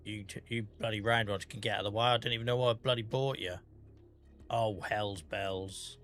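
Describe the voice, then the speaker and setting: A man's voice: medium pitch, fairly even intonation, rapid-fire, a bit bright. A man with a Norfolk accent casually chatting through a farming game stream, chatty and self-deprecating, muttering to himself as he plays. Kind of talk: casual gameplay commentary. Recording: faint music in the background.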